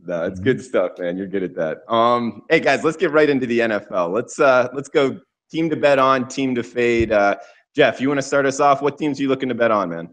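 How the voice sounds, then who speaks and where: A man with a Southern US accent hosting a sports betting roundtable, relaxed and friendly with his guests. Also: medium pitch, a little fast. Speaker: host.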